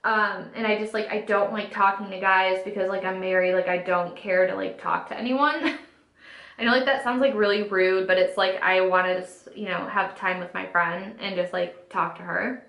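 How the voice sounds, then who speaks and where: A woman's voice: medium pitch, fairly even intonation, moderate pace, creaky, a bit bright. A woman in her twenties telling a casual storytime while doing her makeup, chatty, says "like" constantly and acts out quotes. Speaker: beauty vlogger. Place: home room, sitting at a makeup setup. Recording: echoey room.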